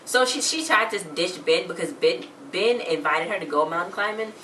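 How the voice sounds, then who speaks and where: Chatty woman recapping a show, bright voice, kinda far off in an echoey room. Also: fairly low pitch, expressive, moderate pace, slight background noise. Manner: chatty, retells scenes with quoted voices. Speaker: TV episode recapper. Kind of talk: casual recap chat.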